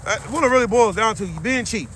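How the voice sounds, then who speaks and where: A man's voice: high-pitched, lively intonation, fast talker. A middle-aged man, a dog breeder, giving blunt, slangy, preachy advice in an outdoor vlog rant. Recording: loud wind and boat noise.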